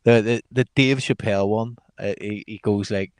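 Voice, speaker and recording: A man's voice: fairly low pitch, steady tone, normal speed, hardly any pauses, no echo. A man co-hosting a casual podcast, in laid-back banter with short agreeing replies. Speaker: podcast co-host. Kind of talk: casual chat.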